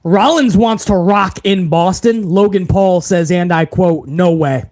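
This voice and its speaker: A man from New England giving a live, casual, excitable review of a wrestling show, full of swearing and slang. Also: sits high, measured pace.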